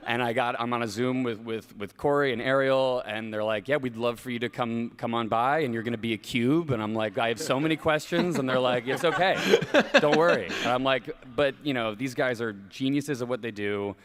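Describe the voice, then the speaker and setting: A man on a game panel rambles excitedly about being a longtime fan. His voice is smooth and resonant at a middle pitch. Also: fairly quick, hardly any pauses. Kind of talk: panel anecdote.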